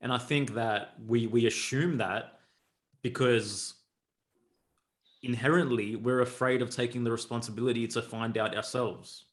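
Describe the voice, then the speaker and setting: Earnest mid-pitched male co-host. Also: steady tone, unhurried. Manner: earnest, stumbles over restarts. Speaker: podcast co-host. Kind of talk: casual podcast conversation.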